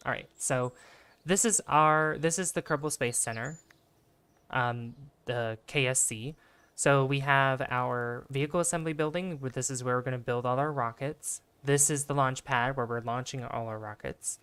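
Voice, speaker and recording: A man's voice: medium pitch, normal speed, fairly bright tone, smooth. A man casually commenting on a space game during a livestream, chatty and rambling, greeting his chat. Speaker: gaming livestreamer. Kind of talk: casual live gameplay commentary.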